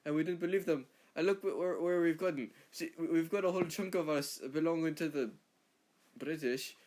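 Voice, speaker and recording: A man's voice: fairly high pitch, brisk, a little mellow, natural voice. A man voicing a boastful, rambling Irish patriot in a put-on Irish accent, stumbling and restarting as he talks, as a comedic accent impression. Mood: indignant. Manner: rambling, stumbling, self-interrupting.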